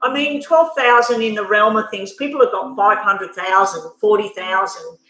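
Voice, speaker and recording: A woman hosts a live tarot reading stream, talking directly to her viewers in a candid, emotional way while chatting and reading cards. Her mid-range voice is bright and forceful, at a moderate pace. The room sounds echoey.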